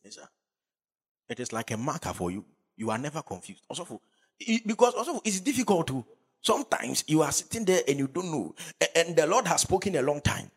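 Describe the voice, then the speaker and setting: A male pastor preaches with fervour. His voice sits fairly high and swings widely up and down, with a husky grain. He keeps calling out to his listeners for answers. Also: very animated, fairly quick. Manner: fervent preaching with call and response to the congregation. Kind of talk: sermon.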